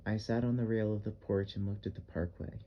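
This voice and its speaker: A male audiobook narrator with a lowish voice, reading in the first person at a measured, even pace. The sound is dull and somewhat lo-fi, as if the highs are rolled off.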